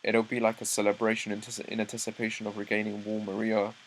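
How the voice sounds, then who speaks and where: Low-voiced man reading manga aloud. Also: fast, slight background noise, rough recording. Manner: reads dialogue aloud, breaks off into excited asides, stumbles and restarts. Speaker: manga reaction host. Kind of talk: live reaction read-through.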